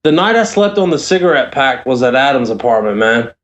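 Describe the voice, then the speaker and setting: A man's voice: medium pitch, big pitch swings, a little fast, fairly bright tone, lo-fi sound. A man in his thirties, a podcast guest, chatting casually and jumping in with jokes and corrections. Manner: joking, interrupting with corrections. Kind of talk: casual chat.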